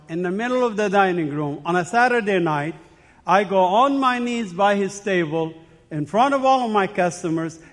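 A man with a high voice gives a personal testimony as a sermon, telling his story in short, emphatic, dramatic phrases. His voice rings with the long reverb of a large hall. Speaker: speaker giving a personal testimony.

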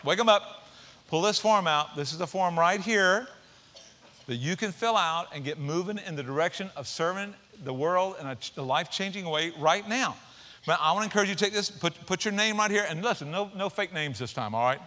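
High, bright-voiced male preacher. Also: fairly quick. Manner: energetic, joking, conversational preaching. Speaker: pastor. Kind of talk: sermon. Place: church.

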